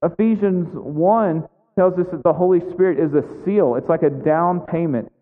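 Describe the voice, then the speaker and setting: Brief: male pastor, slightly high voice, conversational sermon, tinny and reverberant hall sound. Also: normal speed. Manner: conversational preaching with frequent "right?".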